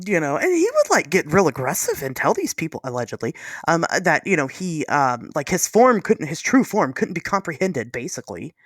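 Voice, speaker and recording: Woman, podcast host, lively intonation, sarcastic, laughs a lot, dry sound. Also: sits low, fairly quick, few pauses, no echo. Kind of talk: casual chat.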